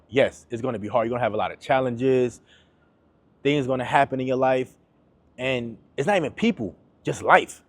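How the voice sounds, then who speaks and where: A man's voice: medium pitch, slightly rough, no echo. A man giving a motivational talk to his viewers, emphatic and repetitive, in casual slang. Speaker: motivational YouTuber.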